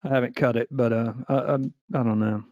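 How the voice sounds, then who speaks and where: A man's voice: mid-range voice, steady tone, a little fast, a little mellow, dry recording, muffled recording. A man hosting a casual interview podcast, easygoing and a bit hesitant, with lots of small agreeing sounds. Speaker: podcast host.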